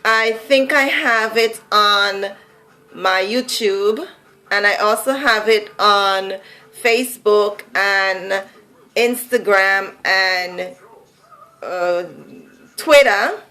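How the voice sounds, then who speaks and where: A woman's voice: medium pitch, drawn-out words, pushed and bright, soft background music, poor audio. Chatty woman with a Vincentian accent. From Saint Vincent. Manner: chatty, laughs often, musical sing-song delivery. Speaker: vlogger. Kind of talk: casual monologue.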